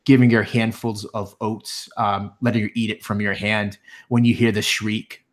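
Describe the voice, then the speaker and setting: A low-voiced man runs a tabletop game as game master. He narrates haltingly, with frequent pauses and fillers as he finds his words. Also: level tone.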